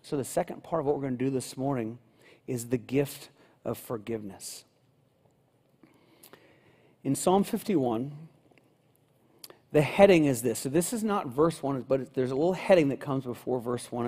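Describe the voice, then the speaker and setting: Mellow-voiced pastor preaching in a reverberant hall. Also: male voice, mid-range voice, husky. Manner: earnest, unhurried preaching with slow scripture reading. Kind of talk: sermon. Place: church sanctuary. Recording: long church reverb.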